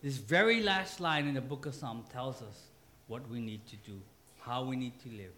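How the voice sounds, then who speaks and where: A pastor with a medium-pitched, sharp-toned voice preaches a sermon in church at a moderate pace. He has a light tinge and jokes with the congregation, making playful asides.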